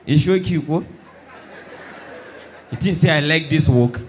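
Young Nigerian male comic, high-pitched and loud on punchlines, with light noise behind him. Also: measured pace, some chatter behind. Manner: animated, shouting punchlines. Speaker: stand-up comedian. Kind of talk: stand-up comedy in Pidgin English.

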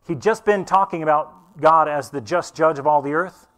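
A middle-aged pastor preaching a sermon with a somewhat high voice. He talks with lively animation and slips into little character voices as he tells stories. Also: normal speed.

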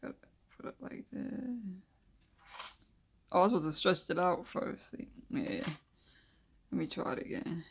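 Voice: medium pitch, animated, a little fast, vocal fry, breathy edge. An adult host giving a casual calligraphy tutorial, reading notes aloud and then chatting loosely while demonstrating, with mumbled asides while drawing. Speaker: craft video host.

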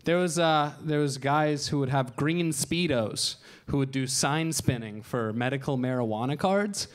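A man in his thirties doing stand-up storytelling on a comedy show stage, deadpan and crude, slipping into voices for the people he quotes. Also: medium pitch, unhurried.

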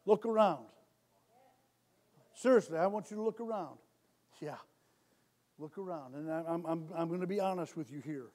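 A man preaching a sermon in a church, repeating his points, calling for amens and building to loud exhortation. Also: fairly high pitch, quick pace. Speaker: lay preacher. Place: church sanctuary.

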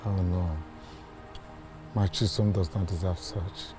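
A man's voice: sits low, fairly even intonation, slow, warm tone, faint music behind. A Nigerian actor playing a poor father, bitter and pained that he cannot provide for his children. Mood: distressed. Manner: pleading, emotional, bitter.

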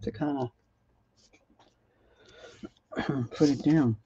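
A woman's voice: extremely low pitch, fairly even intonation, drawn-out words, dark tone, muffled recording, a little hiss or hum. A woman hosting a craft livestream who rambles and thinks aloud as she works, often trailing off mid-sentence. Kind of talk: casual crafting tutorial.

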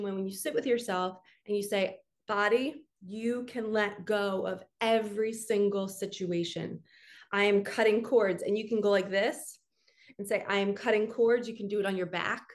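A woman spiritual coach giving an earnest, emotional guided healing talk straight to her viewers. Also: mid-range voice.

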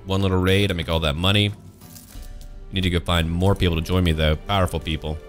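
A man with a very low voice talks over his video game in a playful let's-play style. He drops into mock-pompous, old-fashioned turns of phrase and bursts into high, silly exclamations. Faint music plays beneath him. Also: fairly even intonation, fairly quick. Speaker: gameplay commentator.

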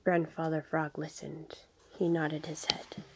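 A woman narrating a storybook in a gentle, half-whispered reading style. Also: low-pitched, completely flat delivery, unhurried, a little hiss or hum. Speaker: reader.

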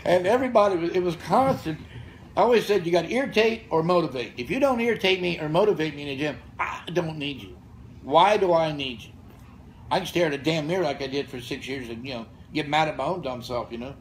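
A man's voice: a little high, fast, a little hiss or hum, rough recording. A man in his sixties telling blunt, profane stories in casual podcast talk as the show's guest. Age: 60s. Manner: blunt, profane, fired-up storytelling. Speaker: podcast guest and gym founder. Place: gym or studio with room ambience.

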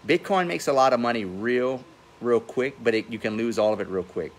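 A man's voice: medium pitch, fairly quick. A man in his forties giving blunt, profane business advice in a casual livestream talk, outdoors by his pool. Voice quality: says he has a funny accent. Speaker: real estate investor and host.

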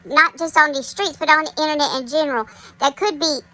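A woman's voice: sits high, fairly quick, sharp tone, low-quality recording. A woman hosting a casual commentary monologue, chatty and talking straight to her viewers. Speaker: commentary channel host.

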